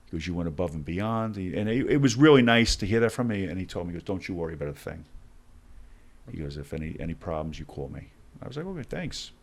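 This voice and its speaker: A middle-aged man with a very low voice recounts his experiences as a podcast guest. He acts out the dialogue in lively turns, speaking in conversational bursts. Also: quick pace. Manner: animated storyteller acting out dialogue. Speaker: guest, former hostage negotiator. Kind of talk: storytelling in a podcast interview.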